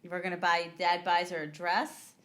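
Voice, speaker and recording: A woman's voice: on the low side, little pitch movement, normal speed, a bit bright. A woman co-hosting a podcast, chatting casually as she recounts film scenes and laughs along with her co-host. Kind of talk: casual movie-recap chat.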